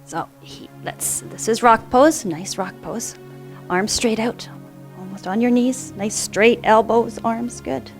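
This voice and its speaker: A woman instructor gently guiding children through a yoga class with encouraging, sing-song cues. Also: fairly high pitch, takes it slowly, soft background music.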